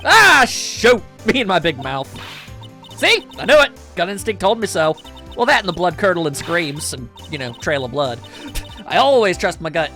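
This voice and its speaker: A bumbling, gruff police detective from a video game played by a man, blustery and quick to say "pal". His voice rises and falls a lot. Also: high-pitched, big pitch swings, bright, forceful tone, faint music behind, full character voice.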